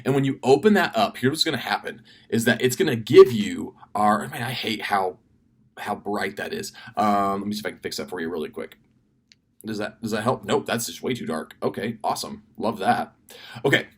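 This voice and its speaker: A man briefing camp volunteers in a casual video message from his desk, talking fast with lots of fillers and restarts. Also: lowish voice, animated, husky. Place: indoors at a desk.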